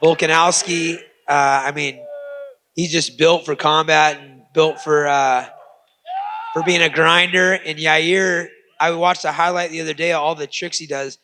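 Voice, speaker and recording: A man's voice: fairly high pitch, steady tone, unhurried, pushed and bright, slight background noise. A man answering on a fighters' panel, enthusiastic and loose, with filler words.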